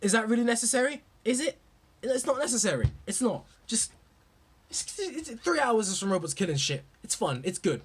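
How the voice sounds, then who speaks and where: A young man ranting about movies in a profane, excitable, rambling way. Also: very high voice, moderate pace, breathy edge. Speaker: movie vlogger. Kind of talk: casual ranting commentary.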